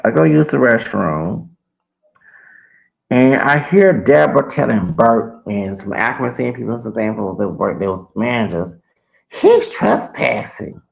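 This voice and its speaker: Man, gravelly voice, heated rambling rant, dull lo-fi recording. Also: medium pitch, normal speed. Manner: heated, rambling, repeats himself, swings loud and soft. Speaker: vlogger. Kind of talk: ranting personal story to camera.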